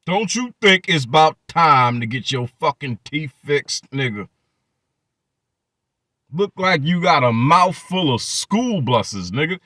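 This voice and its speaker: Bright, lively profane male commentator. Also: fairly high pitch, slow pace, dry recording, studio quality. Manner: mocking, profane rants with many repetitions. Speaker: channel host.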